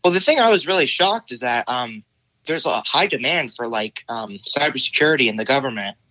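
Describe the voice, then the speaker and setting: A man's voice: medium pitch, animated, a little fast, bright, forceful tone, no room sound, dull audio. A teenage boy answering interview questions casually, hesitant and full of fillers. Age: teens. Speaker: guest.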